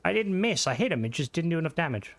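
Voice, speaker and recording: A man streaming a game, chatting loosely with viewers while he plays, swearing freely and breaking into excited outbursts. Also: a little high, fast, no room sound. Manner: rambling, profane, reads and answers chat while playing; excitable outbursts during gameplay. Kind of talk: casual gaming livestream chat.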